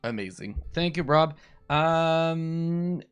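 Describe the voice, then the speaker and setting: Man, stream host, game master, slightly high voice, jokey and rambling, faint music. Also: lively intonation, drawn-out words, smooth. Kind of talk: casual stream chat.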